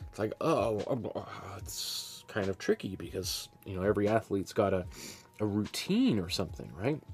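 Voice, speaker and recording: A man's voice: on the low side, very animated, moderate pace. A man hosting a live painting class from his studio, talking in a chatty, rambling way and often laughing at himself. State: hiccups. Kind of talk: casual live-stream teaching. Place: art studio.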